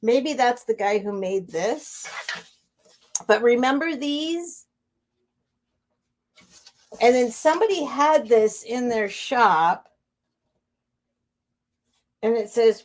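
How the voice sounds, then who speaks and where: A woman's voice: fairly high pitch, lively intonation, slow pace, pauses often. A woman casually chatting on a live stream as she hosts a vintage sale, rambling and laughing as she interrupts herself. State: near tears.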